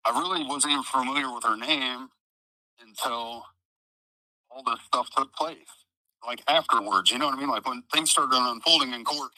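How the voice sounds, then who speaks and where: A man's voice: medium pitch, bright, forceful tone, no room sound, rough recording. Rambling, cursing Midwestern man. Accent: Midwestern American. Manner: profane, rambling, uses many fillers; acts out quoted dialogue. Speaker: interviewee, trial witness. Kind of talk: casual storytelling interview.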